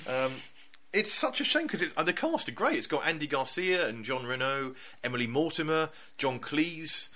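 A man's voice: on the high side, moderate pace. A man chatting casually about films as a podcast co-host, telling stories and acting out his own thoughts. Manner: animated storyteller, acts out his own thoughts in quotes.

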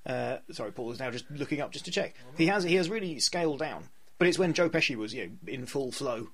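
A man's voice: mid-range voice, expressive, a little fast, a bit bright. A man hosting a podcast, giving chatty and opinionated film talk with a wry edge. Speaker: podcast host. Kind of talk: casual film chat.

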